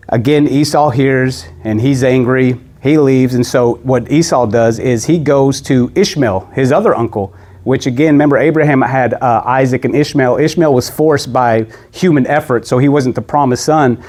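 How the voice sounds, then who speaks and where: A man's voice: mid-range voice, a little mellow. Conversational male preacher retelling scripture. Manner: conversational, acts out characters' lines. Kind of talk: casual sermon retelling scripture.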